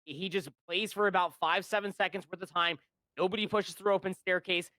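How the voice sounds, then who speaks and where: A man's voice: high-pitched, fairly even intonation, fairly quick, sharp tone, dry recording. A man giving live esports color commentary, chatty and rambling, with lots of fillers as he breaks down plays. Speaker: esports caster.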